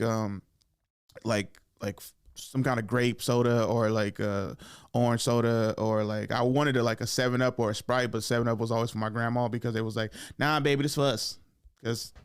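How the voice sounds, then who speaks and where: A young man hosting a comedy podcast, spinning a story from his childhood. His voice sits at a middle pitch, and he keeps jumping into high, loud impressions of his relatives as he acts out each scene. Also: clear, resonant tone. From Oakland area, California.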